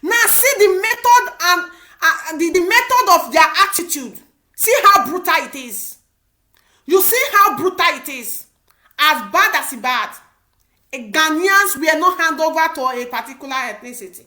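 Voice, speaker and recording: Nigerian pidgin-accented woman ranting about politics, very high bright voice, keeps repeating and restarting. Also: animated, moderate pace. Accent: Nigerian Pidgin English. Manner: repetitive, emphatic, many restarts and fillers. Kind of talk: impassioned political commentary.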